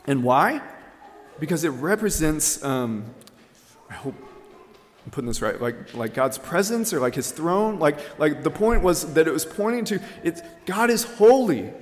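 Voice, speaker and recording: A man's voice: fairly high pitch, sing-song, measured pace, in a large hall. A man preaching a sermon, telling a story earnestly with many ums and uhs. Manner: earnest storytelling with frequent fillers.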